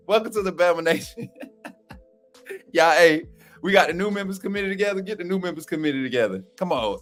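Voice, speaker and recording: A man hosting a fan live stream, talking like a preacher, calling out to viewers, shouting and laughing often. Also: fairly high pitch. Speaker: sports channel host. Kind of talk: live-stream chat, mock preacher call.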